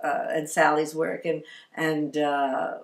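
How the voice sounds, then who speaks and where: Lower-pitched woman co-host, playful and theatrical, roomy echo. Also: level tone, slow pace, vocal fry. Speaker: vlog co-host. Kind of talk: casual chat. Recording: echoey room.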